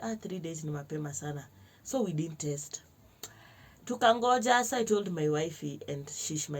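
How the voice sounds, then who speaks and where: A young Kenyan woman telling a personal story to camera in a lively vlog, switching between slangy Swahili and English and acting out other people's lines. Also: sits low, husky. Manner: animated, mixes slang-heavy Swahili with English. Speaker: vlogger.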